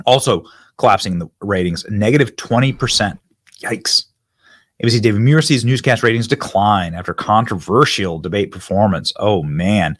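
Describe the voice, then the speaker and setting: A man's voice: on the low side, a bit bright, dry recording, studio quality. A man hosting a reaction commentary channel, talking back at news clips in an indignant, mocking way.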